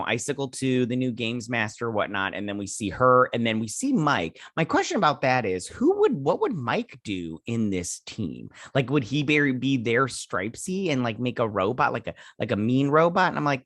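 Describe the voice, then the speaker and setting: A man's voice: medium pitch, very animated, moderate pace, a bit bright, dry recording, clean studio sound. A man hosting a casual episode recap and review, rambling through the plot with lots of fillers and sassy asides. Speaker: show reviewer, host.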